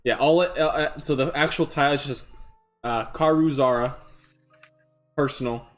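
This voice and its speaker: Casual game master narrating loosely. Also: male voice, mid-range voice, normal speed, faint music behind. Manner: loose, filler-heavy narration.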